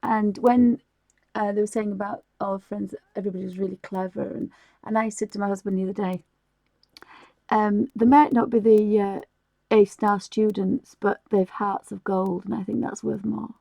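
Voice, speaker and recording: A middle-aged woman from England chats loosely as she colours on a live stream, her thoughts wandering and doubling back. Her voice sits at an ordinary pitch, and the recording is dry and close, with no room around it. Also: level tone, normal speed, gravelly, warm tone, no room sound. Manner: chatty and rambling, with frequent laughs and restarts. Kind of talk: casual chat while colouring.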